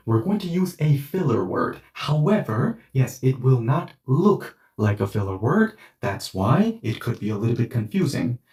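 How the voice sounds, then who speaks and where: A man's voice: medium pitch, warm tone, far from the mic. A man teaching a language lesson, explaining points through made-up everyday scenarios in a conversational way. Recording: roomy echo, voice set back from the mic.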